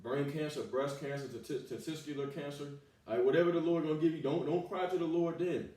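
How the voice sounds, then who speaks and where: A man delivers a fiery street sermon, reading scripture and breaking off to curse and call out his listeners, with "all right" and "man" again and again. His voice has a mellow, dark tone. It comes from well away from the mic and rings in a heavy echo. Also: on the high side, fairly even intonation, fast talker. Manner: preaching, with profanity and repeated "all right" and "man". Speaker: street preacher. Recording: echoey, from far off the mic.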